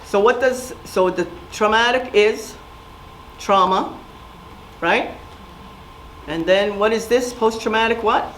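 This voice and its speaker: A woman's voice: mid-range voice, slow pace, a bit bright, a little hiss or hum. Woman presenting in an echoey hall. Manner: storytelling, asks audience questions. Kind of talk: community presentation. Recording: echoey room from far off.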